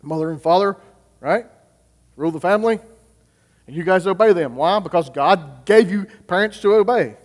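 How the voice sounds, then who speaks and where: A man's voice: high-pitched, normal speed, pauses often. A man, a youth pastor, preaching a sermon and asking the congregation questions he then answers himself. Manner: asks the audience rhetorical questions and answers them. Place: church with reverberant hall. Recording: long reverb of a church hall.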